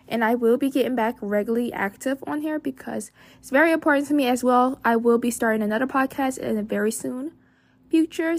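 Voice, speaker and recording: A woman's voice: on the high side, creaky, no room sound. A young woman hosting a casual advice podcast, bubbly and gushing, full of endearments and fillers. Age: young adult. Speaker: podcast host.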